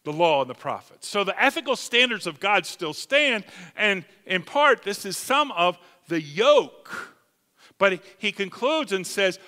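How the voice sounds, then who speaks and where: Male preacher, high bright voice, emphatic delivery, big hall reverb. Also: big pitch swings, a little slow. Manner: emphatic, swings from loud calls to hushed asides. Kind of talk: sermon.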